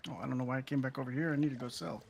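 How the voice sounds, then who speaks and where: A man's voice: mid-range voice, steady tone, rapid-fire, vocal fry, a little mellow, slight background noise. A man filling in for the streamer, chatting in a playful, jokey, rambling way during a gaming stream. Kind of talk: casual gaming chat.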